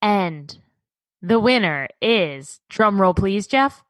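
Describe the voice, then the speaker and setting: Woman podcast host, teasing and laughing, bouncy pitch, dry close sound. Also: lively intonation, slow pace, fairly bright tone, no room sound. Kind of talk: casual chat. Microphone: remote call mic.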